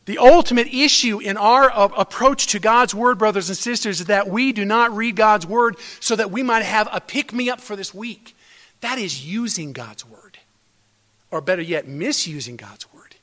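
A man's voice: sits high, moderate pace, bright, forceful tone. A man preaching a sermon as pastor, earnest, restarting phrases and building to emphatic peaks. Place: church sanctuary. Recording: long hall reverb.

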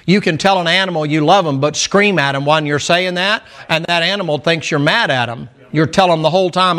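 A man's voice: on the high side, fairly quick, few pauses. A middle-aged male pastor from the American mountains, preaching a sermon in a folksy, storytelling way with humorous asides. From American mountain region.

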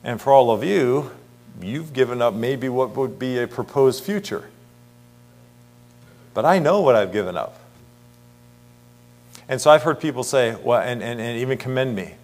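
A man's voice: mid-range voice, normal speed, a little mellow. A middle-aged man preaching an earnest Bible sermon, asking the congregation rhetorical questions and reading scripture aloud.

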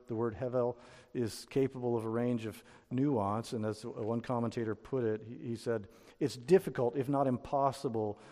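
A man's voice: mid-range voice, mellow. A man teaching a Bible lesson in sermon style, explaining step by step with frequent restarts. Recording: long reverb of a hall.

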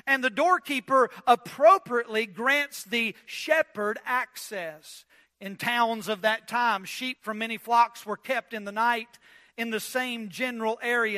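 A man preaching a sermon, restarting words often and dropping low and soft on key lines. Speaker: pastor.

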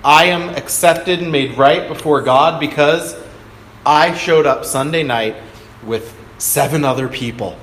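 Guy preaching a sermon, kinda high voice, lots of uh and restarts, punches key words, echoey church room. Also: unhurried, fairly bright tone, slight background noise. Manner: earnest teaching, many fillers and restarts, rising emphasis. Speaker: pastor. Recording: echoey hall with faint ambience.

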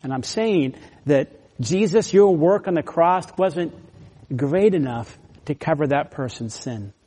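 Man preaching, earnest, emphatic, slightly high voice, echoing church hall. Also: animated, a little slow, mellow, breathy edge. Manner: earnest, emphatic, with small laughs and restarts. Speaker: pastor. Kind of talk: sermon. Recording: long hall reverb.

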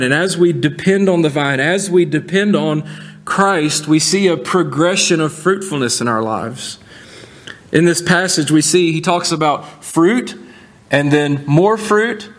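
A man preaching a sermon as pastor, earnest and deliberate, slowing down to stress key words. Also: on the high side.

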